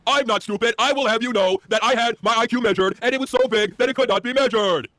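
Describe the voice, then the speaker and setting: A man playing an arrogant, boastful male wrestling manager who talks slowly and self-importantly. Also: very high-pitched, bright, forceful tone, dry recording, rough recording. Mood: pompous. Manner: pompous, slow and self-important.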